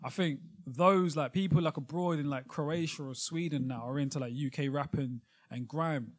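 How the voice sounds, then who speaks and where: A man's voice: fairly high pitch, moderate pace. A man, a podcast co-host arguing his point in casual banter and pressing with questions.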